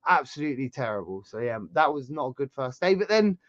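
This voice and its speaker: An English man with a sore throat, telling a travel story in casual chat as a channel host, animated and rambling. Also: fast, no room sound, lo-fi sound. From England. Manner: chatty storyteller, animated swings in pitch and loudness.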